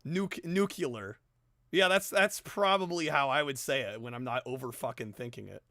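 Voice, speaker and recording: A male streamer chatting casually with his viewers, animated and argumentative, laughing often and swearing now and then. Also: mid-range voice, a little fast, creaky, background noise. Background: background music.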